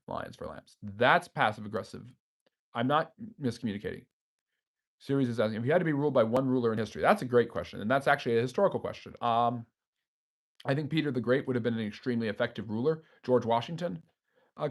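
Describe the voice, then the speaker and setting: A man hosting a history live stream, reading viewers' chat messages aloud and answering them off the cuff with frequent fillers. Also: medium pitch. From United States.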